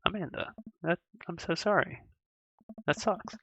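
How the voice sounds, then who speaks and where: This is a goofy, caring dad from a video game, earnest and fumbling his way through fatherly advice with gentle jokes, as a woman reads him. The sound is bright and dry, close to the mic. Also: lowish voice, measured pace, slightly rough, no echo, exaggerated voice. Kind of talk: video game dialogue read aloud.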